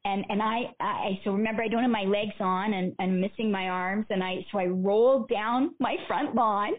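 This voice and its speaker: A woman's voice: mid-range voice, normal speed. Earnest woman telling stories on a thin line. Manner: earnest, animated storyteller. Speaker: guest, motivational speaker. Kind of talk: personal storytelling interview. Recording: phone-like narrow band.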